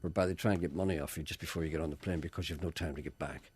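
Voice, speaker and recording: A man's voice: a bass voice, fairly even intonation, rapid-fire, a little mellow, breathy edge, no echo. A man hosting a casual radio chat, telling wry stories. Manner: wry, storytelling, reads listener letters aloud. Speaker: radio host.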